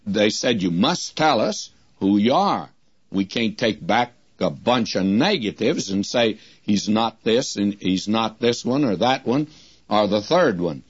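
An older man gives a radio sermon at a very slow, unhurried pace. He talks plainly and deliberately and reads scripture in old English. The sound is dry and dull, like an old lo-fi radio broadcast. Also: on the low side, lively intonation, breathy edge, no room sound. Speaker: radio Bible teacher.

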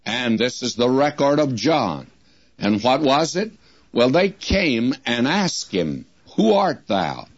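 An older man teaching a Bible passage on the radio, in a plain-spoken, deliberate way and quoting scripture in old English. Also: mid-range voice, big pitch swings, no echo. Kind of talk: radio sermon. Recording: dull lo-fi radio recording.

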